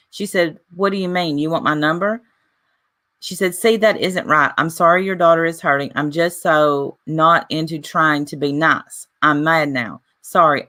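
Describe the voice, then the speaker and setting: A woman's voice: low-pitched, bright, forceful tone. A woman vlogging casually, retelling a dispute with lots of "I said, she said" and reading messages aloud. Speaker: YouTuber. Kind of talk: casual vlog monologue.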